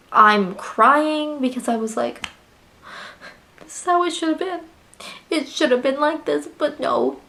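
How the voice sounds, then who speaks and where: A young woman with a fairly high, slightly bright voice reviews books and casually recaps a novel she loved. Her retelling gushes with emotion and is packed with fillers.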